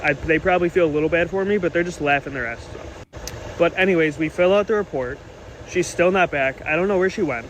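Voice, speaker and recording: Over a faint hum of outdoor traffic, a young man with a slightly high voice races through an animated, indignant storytime monologue. He acts out each quoted line as he retells the story. The recording is rough.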